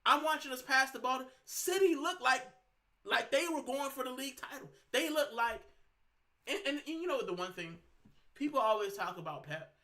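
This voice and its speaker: A man's voice: extremely high pitch, animated, normal speed, bright, forceful tone. A man hosting a fan channel, fuming and ranting heatedly while sick and straining his voice. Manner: fuming, ranting, repeats himself. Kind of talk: heated fan rant to camera.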